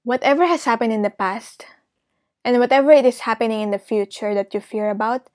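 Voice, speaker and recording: Emotional and nearly in tears, a woman reads tarot casually straight to the viewer, laughing a lot and asking a reassuring "okay?". Her fairly high, slightly mellow voice moves fairly quickly, with no room sound.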